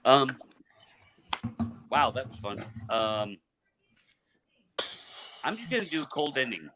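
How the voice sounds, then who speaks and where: A man's voice: mid-range voice, sing-song, slow, noisy background. A man hosting a casual live talk show, joking and rambling with lots of fillers and restarts. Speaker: podcast host. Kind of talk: casual livestream chat.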